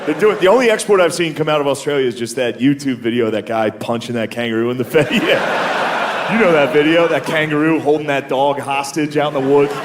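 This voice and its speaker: A man's voice: a little high, brisk. A male stand-up comedian telling a rambling story, often laughing through his lines. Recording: live club recording with audience and noise. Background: audience.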